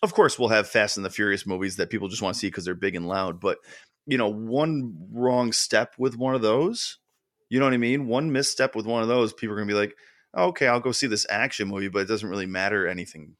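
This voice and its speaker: Brisk and a bit bright, a lowish male voice chats casually as a podcast co-host, rambling with lots of fillers and restarts. There's no echo, just clean studio sound.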